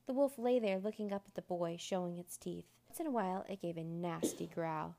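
A woman reading a children's book aloud in a measured storytelling manner. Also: on the low side, gravelly, warm tone. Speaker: narrator.

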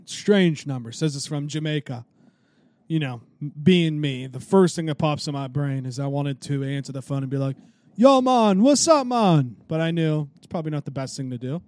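A man's voice: on the high side, fairly even intonation, brisk, dark tone, dry recording. A young man hosting a casual solo podcast, telling stories in a joking, profane, self-mocking way. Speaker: podcast host.

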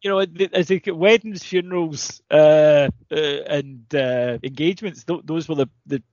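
A Scottish man tells a bawdy family story with gusto, swearing freely and chuckling along. His voice sits slightly high. The recording is dry and close, a little muffled. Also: normal speed, dry recording. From Scotland. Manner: animated anecdotes, swears freely, laughs mid-story. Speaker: podcast co-host. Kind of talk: casual storytelling chat.

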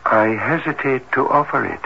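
An actor playing a reserved heart doctor in an old-time radio drama, speaking in a formal, measured and hesitant way. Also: male voice, medium pitch, vocal fry, sharp tone. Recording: dull lo-fi radio broadcast with faint hiss.

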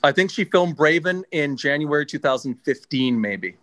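A man's voice: a little high, expressive, fairly bright tone, no echo. A middle-aged man casually telling a long personal story, swearing freely and restarting his sentences. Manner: laid-back, swears freely, halting restarts. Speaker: guest.

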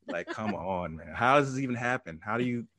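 A man hosting a sports and pop culture podcast in a relaxed, chatty way, laughing often. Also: mid-range voice, a little fast, no room sound. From Arizona. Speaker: podcast host. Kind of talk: casual sports podcast chat.

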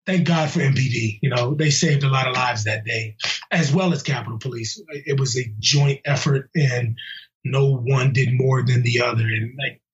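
A police officer being interviewed in a casual way, talking bluntly and heatedly with slang and halting restarts. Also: male voice, medium pitch. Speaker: police officer interviewed about a violent attack. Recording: muffled lo-fi audio.

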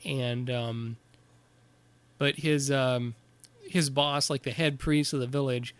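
A man co-hosting a podcast, chatting casually about a movie and recapping its plot in a halting way, with plenty of fillers. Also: mid-range voice, fairly even intonation, fairly bright tone, smooth. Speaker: podcast co-host. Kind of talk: casual movie review chat.

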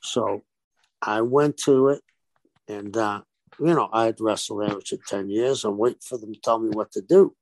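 A man's voice: fairly low pitch, moderate pace, no room sound. A man, a former pro wrestler, telling stories in a casual interview and acting out the dialogue as he goes. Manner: animated storyteller who acts out quoted dialogue.

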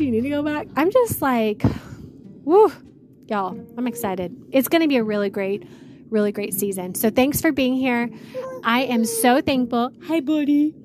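Woman faith podcast host, slightly high voice, eager casual chat and prayer, music bed. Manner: excited, gushing, addresses listeners as "you guys".

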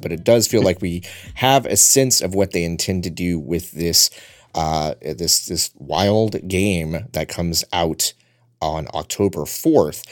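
Casting: male podcast host, very low voice, dry close sound, easygoing and rambling. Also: no room sound. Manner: conversational, loose and meandering. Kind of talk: casual podcast talk.

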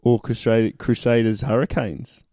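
A man's voice: mid-range voice, fairly even intonation, moderate pace, dark tone, no echo, clean studio sound. A man co-hosting a podcast in casual chat, mostly giving short agreeing replies with some playful pushback. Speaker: podcast co-host.

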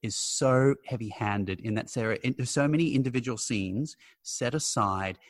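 A man discussing a film in casual conversation, analytical and critical, speaking in a measured way. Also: mid-range voice, no room sound. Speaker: film podcast panelist.

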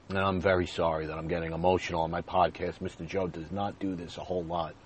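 A man's voice: sits low, flat delivery, fast talker, hardly any pauses, a little hiss or hum. A man hosting his own podcast, talking earnestly and directly to his listeners in repeated, plain phrases. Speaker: podcast host. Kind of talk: personal podcast monologue.

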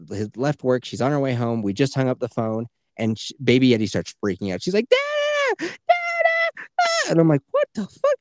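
A man in his thirties gets swept up in his own stories on a casual podcast, swearing freely and laughing often. His pitch swings up and down as he talks. The sound is close and dry, with no room around it. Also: dark tone, no room sound. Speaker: podcast co-host, stay-at-home father.

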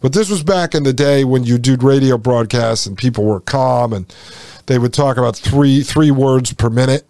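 A man's voice: mid-range voice, moderate pace, darkish tone, dry recording. A man hosting a podcast, reading from a text and commenting on it in a folksy, sarcastic way that addresses the listeners directly. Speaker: podcast host.

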